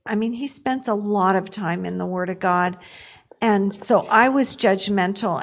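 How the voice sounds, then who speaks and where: Woman, conference panelist, earnest, reflective. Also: mid-range voice. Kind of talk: panel answer.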